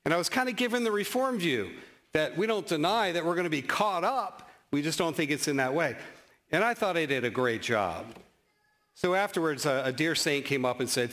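A pastor preaches a sermon animatedly, his pitch rising suddenly at times, and he reads scripture slowly and emphatically. He also mixes in some self-deprecating humor.

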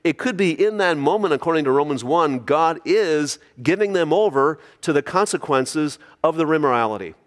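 A man's voice: a little high, animated, moderate pace, hardly any pauses, big-room sound. A man preaching a sermon, reading scripture aloud and asking the congregation rhetorical questions. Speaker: pastor.

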